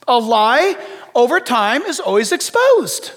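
Male pastor, sermon, emphatic, repetitive, high voice, long hall reverb. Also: animated, measured pace, fairly bright tone. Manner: emphatic, repeats phrases, rhetorical questions.

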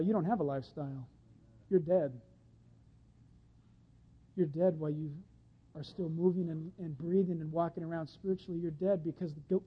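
A man preaching a sermon in a folksy, animated way, acting out little voices of the people in his stories. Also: sits high. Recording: dull lo-fi sound.

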